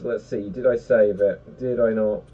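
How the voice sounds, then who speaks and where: A man chatting casually on a pop-culture panel, rambling and animated with lots of fillers. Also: lowish voice, moderate pace. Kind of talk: casual chat. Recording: distant dull lo-fi mic.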